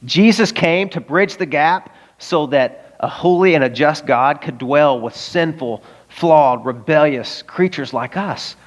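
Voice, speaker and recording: A man's voice: on the high side, measured pace, few pauses. A man preaching a sermon as pastor, talking casually with frequent rhetorical questions to the congregation. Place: church service in a high school auditorium.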